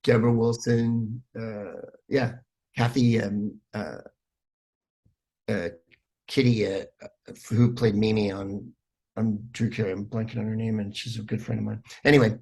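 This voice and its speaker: A man, a comedian guest on a podcast, telling stories in a lively, rambling way with plenty of fillers. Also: lowish voice, measured pace, gravelly, breathy edge. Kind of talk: casual podcast interview.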